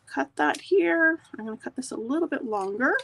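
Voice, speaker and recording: A woman's voice: high voice, animated, moderate pace, vocal fry, a bit bright. Chatty woman demonstrating crafts. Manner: chatty, talks to live viewers while working. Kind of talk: casual live crafting tutorial.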